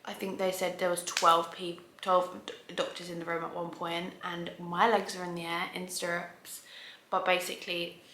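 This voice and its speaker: A woman's voice: lowish voice, monotone, normal speed, fairly bright tone, a little hiss or hum. A woman vlogger telling a long story to the camera at home, chatty and rambling, often stopping to restart a sentence. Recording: roomy echo.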